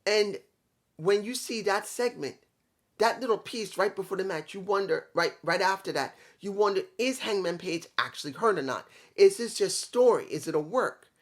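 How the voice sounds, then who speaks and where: A man's voice: high voice, normal speed. Rambling man reviewing wrestling. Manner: rambling, swears, restarts. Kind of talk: casual video review.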